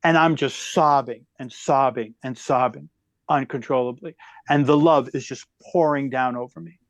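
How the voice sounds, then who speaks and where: This guest comedian, a middle-aged man, speaks in a medium-pitched voice at normal speed with no room sound. He tells a long personal story on a podcast, animated and frequently shifting his pace.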